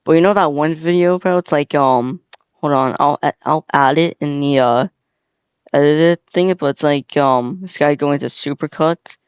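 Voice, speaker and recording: A man's voice: fairly high pitch, measured pace, smooth, no echo. A young man hosting a casual reaction video, rambling with lots of fillers and slang. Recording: dull, lo-fi, dry sound.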